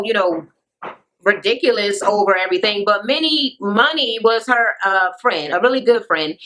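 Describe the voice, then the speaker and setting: A woman's voice: medium pitch, sharp tone, low-quality recording. A woman vlogger ranting through a reality TV recap, blunt, sassy and full of profanity, with sarcastic asides to the viewer.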